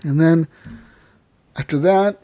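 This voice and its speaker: A man's voice: fairly high pitch, slow, warm tone, dry recording. A man co-hosting a casual podcast, retelling scenes with lots of swearing and laughter. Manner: swearing, laughing, recounting scenes with quoted dialogue. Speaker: podcast co-host. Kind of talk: casual chat.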